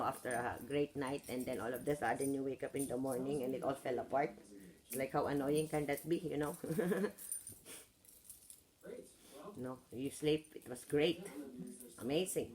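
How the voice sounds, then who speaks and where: A woman in a casual vlog monologue, talking in a rambling, repetitive way that swears a lot and swings between quiet musing and heated venting. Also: low-pitched. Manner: rambling, profane, repeats herself. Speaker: vlogger.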